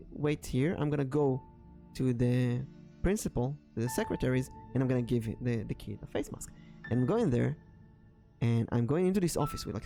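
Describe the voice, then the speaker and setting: Rambling man with soft music behind. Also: mid-range voice, vocal fry. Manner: rambling, animated when acting out dialogue. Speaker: tarot reader and streamer host. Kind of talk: casual storytelling and tarot reading. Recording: soft background music under the voice.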